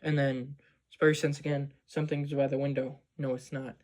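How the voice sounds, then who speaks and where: A man's voice: mid-range voice, little pitch movement, normal speed, a little mellow. A man casually recapping a movie scene by scene, rambling with lots of "like" and "um". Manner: rambling, full of "like" and "um". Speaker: movie vlogger.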